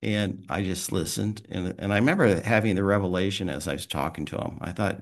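A man's voice: low voice, brisk, vocal fry. A man leading a small men's group, giving a rambling, conversational devotional talk and praying, laughing often. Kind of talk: informal devotional talk and prayer. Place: small private group meeting.

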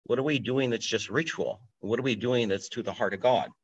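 A man's voice: mid-range voice, fairly quick, dull audio. A man preaching a sermon in a conversational way, explaining scripture and checking in with "okay?".

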